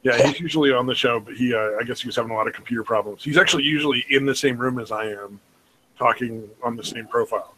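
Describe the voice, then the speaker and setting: A man's voice: medium pitch, fast, a bit bright, slight background noise, poor audio. A man co-hosting a casual podcast chat, telling stories in a laid-back, rambling way.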